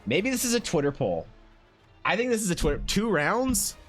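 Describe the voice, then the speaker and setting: A man streaming while he draws, telling a story in a loose, animated way. He swears, laughs and restarts often. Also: high-pitched, moderate pace, soft background music. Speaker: streamer and artist.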